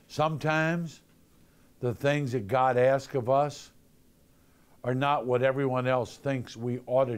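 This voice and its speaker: A man giving a sermon, talking conversationally and telling jokey stories. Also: mid-range voice. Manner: conversational, jokey storytelling with acted-out voices. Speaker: preacher.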